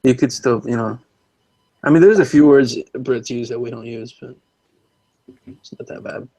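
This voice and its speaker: A man's voice: medium pitch, normal speed, warm tone. A man in casual chat with friends, joking around and tossing in Spanish phrases.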